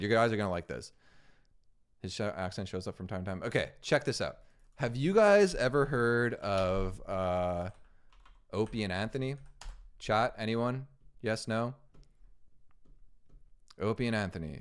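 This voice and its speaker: A man's voice: lowish voice, clear, resonant tone. A man streaming live and reacting to videos, talking casually to his chat, rambling and swearing often. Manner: profane, rambling, easily distracted.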